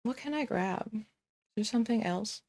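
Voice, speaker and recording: A woman's voice: mid-range voice, lively intonation, normal speed, a little mellow. A young woman streamer giving casual reaction commentary, often breaking into giggles as she talks. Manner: giggly, keeps breaking into laughter.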